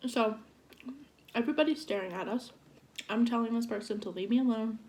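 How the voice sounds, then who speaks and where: A young woman in her twenties telling a storytime vlog in an animated, exasperated way. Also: fairly high pitch, a little fast, pauses often, a little hiss or hum. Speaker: vlogger. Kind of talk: storytime vlog while eating.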